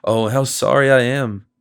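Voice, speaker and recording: A man voicing a solicitous male stranger, a confidence man who talks in a gentle, persuasive and flattering way. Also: medium pitch, natural voice.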